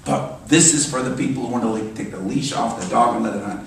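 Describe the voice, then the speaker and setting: A man delivering a sermon as a minister, animated and emphatic, often repeating his phrases. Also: medium pitch, fast talker, a little hiss or hum. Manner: animated, emphatic preaching with repetitions. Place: church sanctuary. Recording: echoey church hall from far off.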